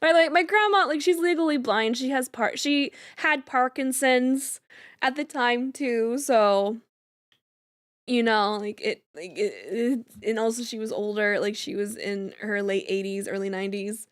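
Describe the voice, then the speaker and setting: A woman's voice: a little high, unhurried, dry recording, clean studio sound. A young woman streamer telling a rambling story in casual chat, full of "like" fillers. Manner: rambling, animated, lots of "like" fillers, laughs while telling. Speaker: game streamer.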